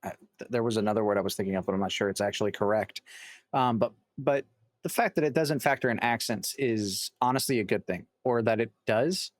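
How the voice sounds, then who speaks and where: A man's voice: fairly low pitch, brisk, no room sound, studio quality. A man giving casual, rambling reaction commentary, full of fillers and restarts. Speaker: reaction video host.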